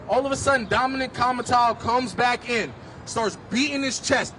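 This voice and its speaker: A man with an extremely high voice speaks fairly quickly and barely pauses as he gives heated personal testimony at an outdoor street rally, at times shouting. Slight background noise can be heard.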